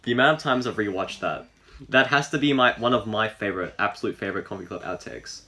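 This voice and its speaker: Over crowd noise, a man with a lowish voice talks fast while co-hosting a casual podcast. He rambles through his thoughts, full of fillers and restarts.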